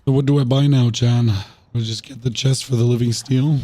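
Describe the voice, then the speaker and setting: A man talks to his viewers in a voice worn hoarse, having lost most of it. His tone sits dark and mellow at a middling pitch. He rambles casually, restarts his sentences and throws rhetorical questions at chat. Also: fairly even intonation, moderate pace. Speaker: streamer playing a game.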